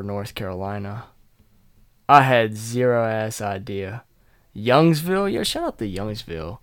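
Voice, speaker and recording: A man's voice: mid-range voice, no echo, studio quality. A young man hosting his own podcast, chatting casually, rambling, joking crudely and laughing often. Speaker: podcast host. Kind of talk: casual solo podcast chat.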